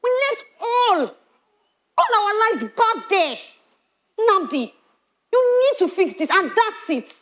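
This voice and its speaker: Actress as a hurt young wife, very high lively voice, reproachful. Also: female voice, slow, pauses often, exaggerated voice. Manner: reproachful, emotional. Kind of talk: church stage drama.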